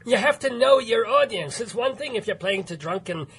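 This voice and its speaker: A man hosting a radio show, interviewing casually with quick, laughing, apologetic remarks. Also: extremely high pitch, expressive, a crowd in the background.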